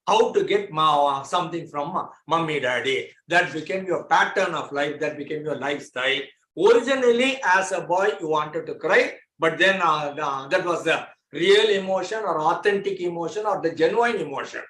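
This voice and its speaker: A man lectures a class in a bright, forceful voice that sits a little high. He explains with homely examples and drives points home by repeating phrases. The sound is echoey, as in a bare room. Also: expressive, normal speed.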